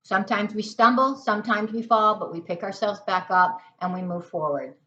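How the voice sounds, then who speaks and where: A woman's voice: medium pitch, fairly even intonation, normal speed, fairly bright tone, dull audio. An American woman giving an indignant, emphatic opinion monologue to camera, stacking repeated rhetorical questions. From United States. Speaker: political vlogger.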